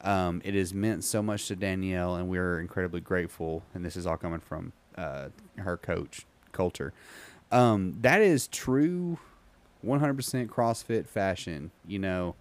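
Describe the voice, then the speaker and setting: Rambling low-voiced male podcast host. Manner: rambling, many ums, reads aloud haltingly. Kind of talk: casual podcast chat.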